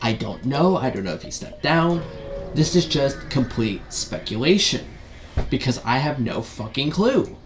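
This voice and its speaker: A man's voice: mid-range voice, big pitch swings, measured pace, slight background noise. A man ranting as a gaming video commentator, frustrated and profane, full of rhetorical questions and repeated fillers.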